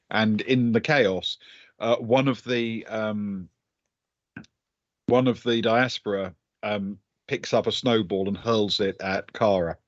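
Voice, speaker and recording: A man's voice: lowish voice, no room sound, dull audio. A man narrating as game master of a tabletop game, chuckling and hesitating with many fillers.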